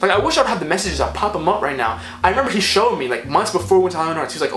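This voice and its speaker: Brief: young male vlogger, fast and lively, rambling storyteller, roomy echo. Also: sits high. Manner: rambling, animated, filler-heavy. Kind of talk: storytime vlog. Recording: echoey room, faint music.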